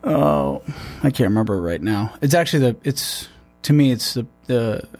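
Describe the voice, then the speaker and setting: A man's voice: medium pitch, lively intonation, normal speed, a little mellow. A man, a military veteran, talking in a loose, rambling way with many restarts and fillers. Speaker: podcast host. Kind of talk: casual conversation.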